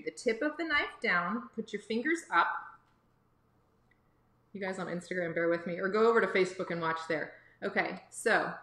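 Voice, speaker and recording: A woman's voice: mid-range voice, sharp tone, roomy sound. A woman hosting a live cooking lesson for kids from a home kitchen, chatty and encouraging as she talks to viewers. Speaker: cooking teacher and livestream host. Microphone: phone or camera on livestream.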